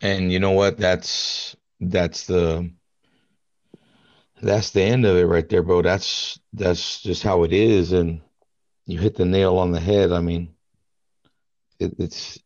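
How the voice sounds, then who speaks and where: Young male podcast co-host, loose and profane, lower-pitched, muffled and dry sound. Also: flat delivery, slow, pauses often, darkish tone, no room sound. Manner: profane, laid-back storytelling. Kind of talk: casual chat.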